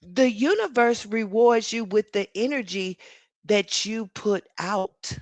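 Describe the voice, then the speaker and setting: Sassy woman, slow and dry. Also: medium pitch, animated, no room sound. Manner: sassy, laughing, talks back to chat. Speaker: livestream commentary host. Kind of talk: casual live commentary reading chat.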